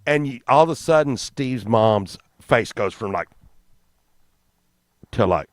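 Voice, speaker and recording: A man's voice: medium pitch, lively intonation, slow, no room sound. A man telling a crude comic story in a rambling, profane, casual way, laughing along. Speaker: podcast host.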